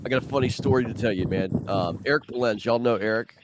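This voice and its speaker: A man's voice: mid-range voice, quick pace, heavy background noise. A man doing casual live commentary on a tournament stream, a laid-back storyteller who keeps saying "man" and "like".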